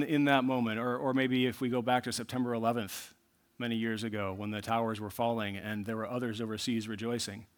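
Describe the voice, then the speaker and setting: Man preaching an earnest sermon. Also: medium pitch. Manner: earnest preaching, rising to loud bursts when reading scripture. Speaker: pastor.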